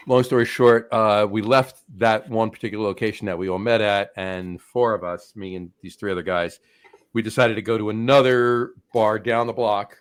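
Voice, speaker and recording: A middle-aged man chats on a casual podcast with a fairly low voice. He rambles and circles back, filling gaps with hesitations as he hunts for words. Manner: rambling, many fillers and restarts. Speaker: co-host.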